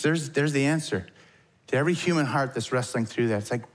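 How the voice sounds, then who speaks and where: A man preaching a sermon as a pastor, talking in a conversational way and acting out anguished prayers. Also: brisk. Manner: conversational, acts out prayers with rising pitch.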